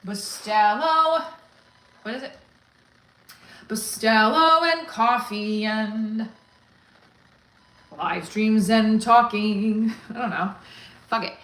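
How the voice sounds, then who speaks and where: Bright-voiced woman in a roomy echo. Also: on the high side, slow pace, pauses often. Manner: profane, jokey, rambling. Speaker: livestream host. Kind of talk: casual livestream chat with stand-up bits.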